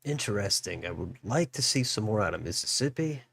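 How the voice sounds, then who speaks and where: A man's voice: on the low side, lively intonation, fairly quick, creaky, fairly bright tone. A man hosting a political livestream, musing aloud as he reads out election results. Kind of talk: live election results commentary.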